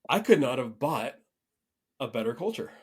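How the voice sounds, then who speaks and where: A man hosting a podcast, telling a story in a relaxed, rambling way with frequent restarts. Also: medium pitch, normal speed, husky. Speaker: podcast host. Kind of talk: casual conversational storytelling.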